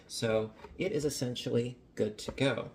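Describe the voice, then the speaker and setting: Chatty home baker in the kitchen, gravelly fry in the voice, faint hiss behind. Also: mid-range voice, unhurried, a little mellow. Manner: chatty and playful, with jokey asides. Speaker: home baking vlogger. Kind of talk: casual cooking demonstration.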